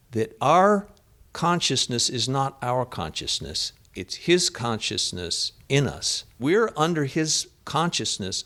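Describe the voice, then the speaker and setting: A man leading a lively spiritual group discussion, telling stories and acting out what others said. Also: mid-range voice. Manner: animated storyteller, acts out quotes. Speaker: discussion leader.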